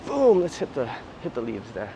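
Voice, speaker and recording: A man's voice: medium pitch, wildly swooping pitch, moderate pace, mellow, a little hiss or hum, poor audio. A man hosting a casual livestream outdoors on city streets, chatting in a rambling way with lots of fillers. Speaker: livestream host.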